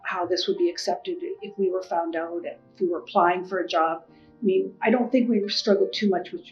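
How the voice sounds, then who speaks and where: Gravelly-voiced thoughtful middle-aged woman. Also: lowish voice, fairly even intonation. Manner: thoughtful, halting, many fillers. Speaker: oral history interviewee. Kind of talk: personal storytelling. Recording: muffled lo-fi audio with soft music.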